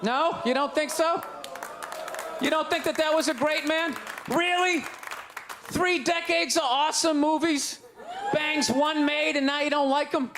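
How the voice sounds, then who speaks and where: A male stand-up comedian ranting loudly and in exasperation on a comedy club stage into a handheld mic. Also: very high-pitched, steady tone, unhurried, background noise. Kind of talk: stand-up set. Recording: live club recording with crowd laughter.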